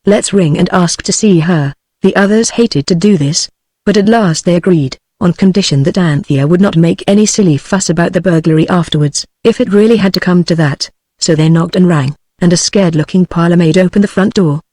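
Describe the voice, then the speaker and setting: A text-to-speech woman's voice with a British English accent, reading a children's novel aloud in an even, synthetic manner. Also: lowish voice, brisk, no room sound. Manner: even synthetic reading with little character change. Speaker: audiobook narrator. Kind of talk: scripted narration.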